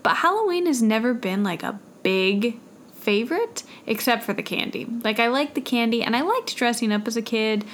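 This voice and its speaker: Giggly, bright-voiced woman podcast host. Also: on the high side, expressive, moderate pace, slight background noise. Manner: giggly, laughs often mid-sentence. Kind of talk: casual chat.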